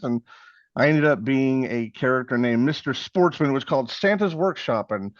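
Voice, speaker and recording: A Texan man in his forties, relaxed and rambling as he recounts his past, slipping into quick impressions of the people in his stories. His voice sits at a middle pitch. The recording is slightly muffled and very dry, with no room sound. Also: no room sound. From Texas. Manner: rambling, self-mocking, acts out quoted voices. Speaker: podcast guest. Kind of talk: casual interview storytelling.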